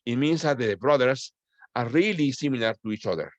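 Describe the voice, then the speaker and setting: A man's voice: medium pitch, animated, fairly quick, dry recording, highs cut off. A man teaching a classroom grammar lesson. He explains patiently, checks in with his students with frequent "okay?", and switches into Spanish to address them. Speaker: English teacher.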